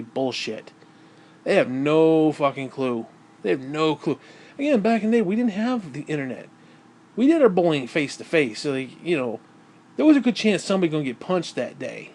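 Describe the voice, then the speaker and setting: A man vlogging in a casual, rambling monologue that turns into a profane rant. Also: fairly high pitch.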